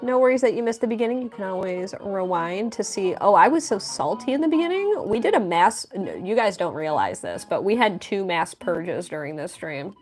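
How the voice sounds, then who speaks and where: Lively, playful woman chatting on stream. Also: medium pitch, brisk, hardly any pauses, faint music behind. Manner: playful, chatty, reads and answers chat. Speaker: live-streaming artist. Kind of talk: casual live-stream chat while drawing.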